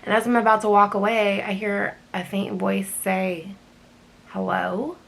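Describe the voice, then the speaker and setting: Woman, gravelly voice, casual storytelling, hesitant, animated. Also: mid-range voice, moderate pace. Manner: hesitant with many ums, animated retelling. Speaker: EMT telling a work story.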